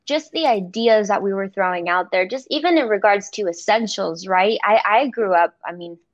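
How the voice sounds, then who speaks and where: A woman guest speaks in a heartfelt way, filling pauses with "like" and "you know." The sound is dull, lo-fi and dry, as over a remote call. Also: medium pitch, dry recording. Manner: heartfelt, with many fillers. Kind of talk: interview.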